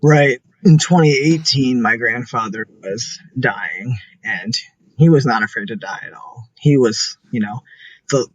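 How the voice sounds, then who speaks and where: A man's voice: mid-range voice, a little slow, slightly rough, no echo, dull audio. A young man talking casually and earnestly as an interview guest, full of "like" fillers.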